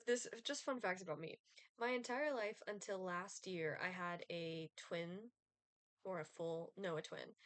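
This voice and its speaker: A woman's voice: medium pitch, fairly bright tone, no room sound. Young woman, streamer, casual game chat, giggly rambling asides, dry close mic.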